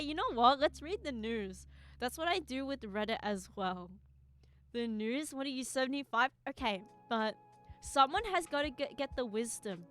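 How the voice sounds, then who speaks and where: A woman's voice: on the high side, pushed and bright. A woman streaming live, chatting casually and rambling with her viewers, giggling often and using lots of filler words.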